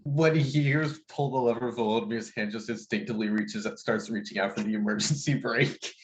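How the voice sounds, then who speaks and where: A man narrating his character's actions as a player in a tabletop game, playful and deadpan. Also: fairly low pitch, brisk, highs cut off.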